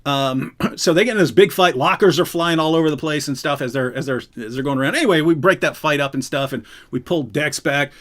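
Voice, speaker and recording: A man's voice: fairly high pitch, a little fast, few pauses, a bit bright. A middle-aged man hosting a live stream, telling prison stories casually, acting out quotes and laughing often. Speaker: host. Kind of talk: casual storytelling on a livestream.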